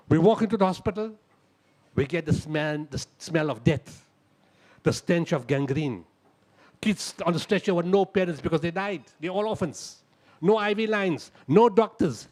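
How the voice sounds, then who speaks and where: A man's voice: high-pitched, lively intonation, fairly quick, a little mellow. A middle-aged man, telling a dramatic story at a live talk, acting out the dialogue and hammering home lists. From South Africa. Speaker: humanitarian speaker.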